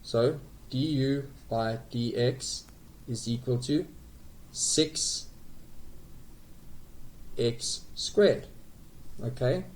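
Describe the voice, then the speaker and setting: A man's voice: mid-range voice, drawn-out words, long pauses, a little mellow, low-quality recording. A man tutoring calculus, explaining step by step in a patient way with frequent okays and small self-corrections. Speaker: math tutor.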